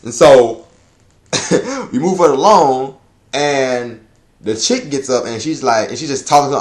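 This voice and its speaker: A man talks through a manga chapter in a loose, unscripted review. He swears freely, laughs often and wanders off track. His pitch moves a great deal, leaping into high squeals of excitement. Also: unhurried. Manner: profane, laughing, rambling, breaks into high-pitched excited exclamations.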